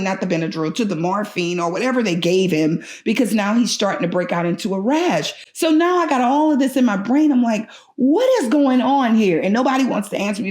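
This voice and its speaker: Anxious mother retelling a hospital ordeal. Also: mid-range voice. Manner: animated, acts out other people's lines while retelling; anxious and urgent, frequent restarts. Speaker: guest, mother of a patient. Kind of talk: recounting a personal story in conversation.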